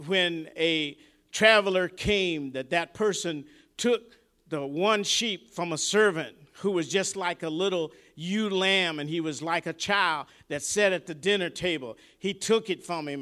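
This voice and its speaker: A man preaching a sermon in a conversational way, dropping to quiet asides and rising to shouted peaks, often repeating words as he restarts. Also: fairly high pitch. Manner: preaching with sharp swings between soft asides and shouted climaxes.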